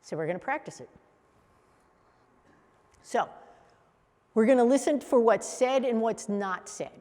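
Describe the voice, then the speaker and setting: A woman leading a coaching workshop for a live group, animated and acting out example voices as she teaches. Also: a little high, measured pace. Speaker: coach trainer. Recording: echoey hall reverb.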